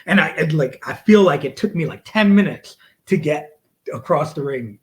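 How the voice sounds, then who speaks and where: Profane, animated man telling a wrestling story. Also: on the high side, normal speed, rough recording. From United States. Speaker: wrestler guest. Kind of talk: casual storytelling interview.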